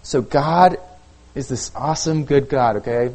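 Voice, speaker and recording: Man, pastor, sermon, conversational, keeps asking okay, mid pitch. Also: a little slow, darkish tone, husky, rough recording. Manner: conversational preaching with frequent "okay?" and "like".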